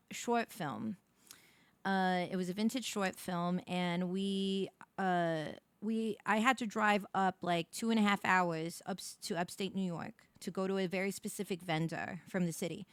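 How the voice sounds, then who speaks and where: A young woman streaming live, chatting casually to her viewers, rambling and swearing with quick restarts. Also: medium pitch, no room sound.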